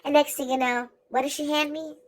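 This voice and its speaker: Young female vlogger, very high pitch, profane and exasperated storyteller. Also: steady tone, poor audio. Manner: exasperated, profane, rapid rants. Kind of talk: comic storytelling.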